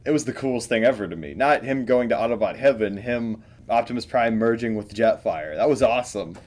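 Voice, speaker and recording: A man's voice: mid-range voice, a little fast, darkish tone. An enthusiastic man chatting about movies as the host. His talk is casual and loose, full of little asides.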